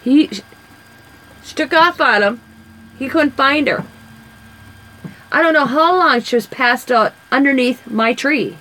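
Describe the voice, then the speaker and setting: Woman, 40s, rambling chatty storyteller, casual craft-vlog talk, slightly high voice. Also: a little slow, long pauses, pushed and bright, low-quality recording. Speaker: craft vlogger. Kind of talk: casual chat while coloring.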